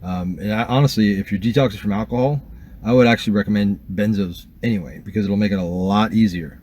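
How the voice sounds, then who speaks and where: A man's voice: fairly low pitch, fast talker, a little mellow, a little hiss or hum. A man telling a rambling, profane first-person story to his camera as a vlogger, filled with likes and ums. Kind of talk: casual first-person account.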